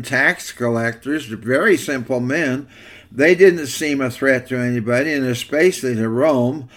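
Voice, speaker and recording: A man's voice: a little high, a bit bright. A man preaching a sermon in an earnest way, reading scripture aloud between plain remarks.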